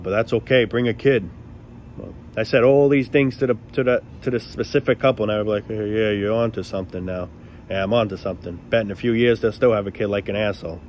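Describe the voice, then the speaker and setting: A man's voice: lowish voice, slight background noise. Blunt, cursing man ranting sarcastically. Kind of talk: casual rant to camera.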